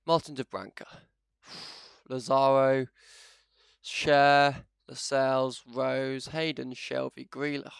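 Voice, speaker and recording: A man with a gravelly, fry-touched voice talks through his video game as a channel host, chatty and self-mocking, then bursting into loud excitement. His sound is close and dry with no room around it. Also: medium pitch, no echo. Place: home setup, no camera.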